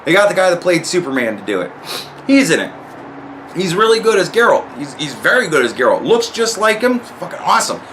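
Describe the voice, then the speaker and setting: A man with a somewhat high-pitched voice talks through his review in a loose, rambling way. He swears freely and keeps stumbling over and restarting his sentences. Faint background hiss. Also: big pitch swings, brisk, a bit bright. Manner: rambling, profane, restarts words often. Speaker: show reviewer. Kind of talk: casual review monologue.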